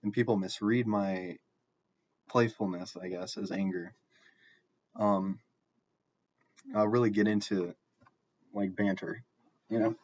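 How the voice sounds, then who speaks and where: A young man telling a personal story in a casual, halting way, often restarting and filling pauses. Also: lowish voice, fairly even intonation, a little mellow, lo-fi sound. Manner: halting, self-correcting, frequent fillers.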